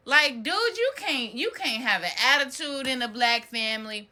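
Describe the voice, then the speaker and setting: A woman telling a comedic story in an animated, brash way, swearing freely. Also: high-pitched, moderate pace, hardly any pauses. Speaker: content creator.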